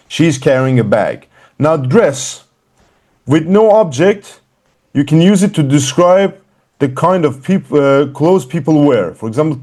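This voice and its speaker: A man teaching an English class, slow and emphatic, repeating words for learners. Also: on the high side, darkish tone. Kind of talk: classroom lesson.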